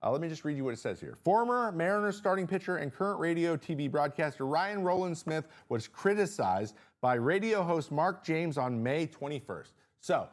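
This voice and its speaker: A man hosting a casual live-stream chat from a small studio, animated, jumping high in pitch when he reacts, with lots of fillers and restarts. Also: moderate pace, few pauses. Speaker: host.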